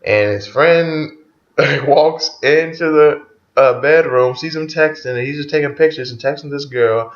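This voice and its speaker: A man's voice: on the high side, measured pace. A man giving a loose, profane, casual track-by-track review of an album, chuckling often as he talks. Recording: roomy, dull lo-fi recording.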